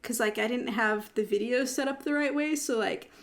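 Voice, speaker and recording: A woman's voice: fairly high pitch, moderate pace, creaky. A woman co-hosting a podcast in casual chat, rambling with fillers and giggling often. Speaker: podcast co-host.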